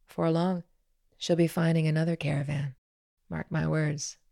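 A woman's voice: low-pitched, little pitch movement, moderate pace, vocal fry, warm tone, no echo, clean studio sound. A woman reading a teasing good-humored man. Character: teasing, warm-hearted man, a trader.

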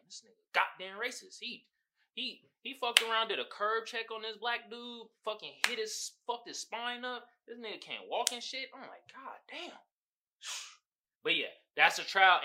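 A young man hosting a podcast, casually retelling a TV show and memes, animated, swearing freely and acting out quotes. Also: on the high side. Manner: animated storytelling, swears a lot, acts out quotes. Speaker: podcast host. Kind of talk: casual chat.

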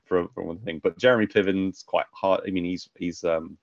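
Deep-voiced British man rambling about films. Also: fairly even intonation, normal speed, creaky, no room sound, lo-fi sound. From United Kingdom. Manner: rambling, chatty, many fillers and restarts. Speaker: podcast co-host. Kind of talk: casual film review chat.

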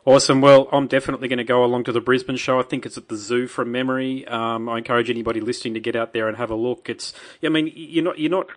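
A man's voice: medium pitch, steady tone, racing, few pauses. A man with an Australian accent hosting a podcast interview, friendly, calling his guest mate. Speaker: podcast host.

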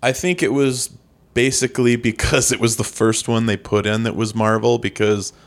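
A man co-hosting a podcast, casually explaining things in a relaxed, matter-of-fact way. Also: medium pitch, normal speed. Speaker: podcast co-host. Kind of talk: casual chat.

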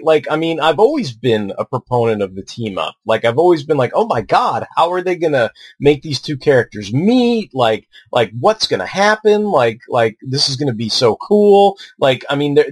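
A man's voice: mid-range voice, dry recording. Rambling, swearing man on a podcast. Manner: rambling, stammering, swears freely, heavy filler words. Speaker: podcast co-host. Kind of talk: casual podcast chat.

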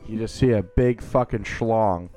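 A man hosting a podcast, moving through the topics and tossing in quick crude jokes. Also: fairly low pitch, mellow, faint music behind. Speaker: podcast host. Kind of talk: casual chat.

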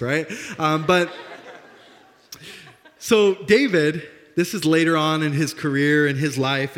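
A young man preaching a sermon as pastor, with a slight lisp, animated and self-deprecating, acting out the dialogue. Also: on the high side. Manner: animated, laughs at himself, acts out dialogue. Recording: long hall reverb.

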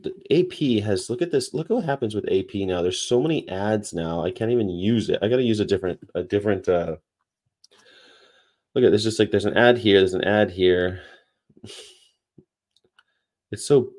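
A man's voice: sits low, darkish tone. A man hosting a livestream, chatting casually and rambling between topics and read-aloud definitions. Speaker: livestream host.

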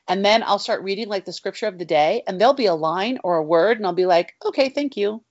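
A middle-aged woman, appearing as a guest author, talks fast in a mid-range voice about her faith. She's earnest and heartfelt, often saying "you know," and the recording sounds dry and slightly dull.

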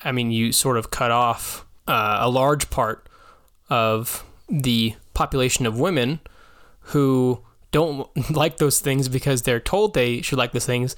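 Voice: mid-range voice, a little slow, fairly bright tone. A podcast co-host in casual chat, thinking aloud and often repeating words while forming a point.

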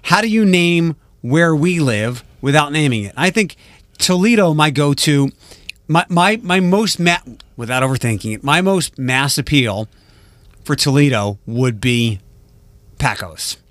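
A man's voice: on the high side, expressive, a little slow, fairly bright tone, dry recording. A man co-hosting a casual radio chat show, rambling and thinking aloud with lots of fillers. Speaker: radio co-host.

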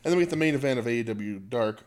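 A man's voice: medium pitch, lively intonation, very fast, darkish tone. A man co-hosting a podcast, chatting casually about wrestling in a rambling way, full of fillers and restarts. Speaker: podcast co-host.

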